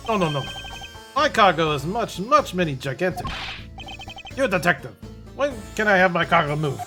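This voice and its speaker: A man's voice: high voice, big pitch swings, normal speed, pitched above the performer's own voice. A man voicing a pushy, flamboyant foreign art dealer who talks in broken English. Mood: excitable. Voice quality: broken-English sing-song delivery. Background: game music.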